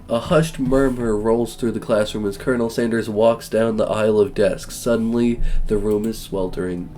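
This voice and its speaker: A man's voice: lowish voice, fairly even intonation, moderate pace, few pauses, warm tone, faint music behind. A young man streaming a game, reading its text aloud with joking, gushing asides. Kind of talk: let's-play narration.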